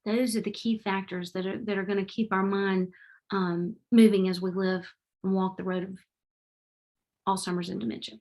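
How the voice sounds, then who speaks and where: A middle-aged woman giving a heartfelt, animated presentation over a video call. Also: medium pitch, normal speed. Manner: warm, heartfelt and animated, with faith-tinged phrasing. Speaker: presenter at a webinar. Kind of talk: presentation with slides. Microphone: remote video call.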